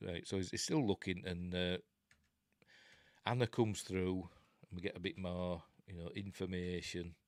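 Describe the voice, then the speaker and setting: A man's voice: deep voice, fairly even intonation, normal speed, dry recording, studio quality. A middle-aged man with a Yorkshire accent, hosting a casual live film commentary with chatty, sarcastic asides. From Yorkshire, England. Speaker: film review host.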